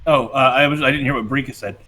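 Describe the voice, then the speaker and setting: A man's voice: medium pitch, fast talker, bright, forceful tone. A man playing a tabletop game, hesitant with many ums, then rattling off rules explanations. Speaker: player.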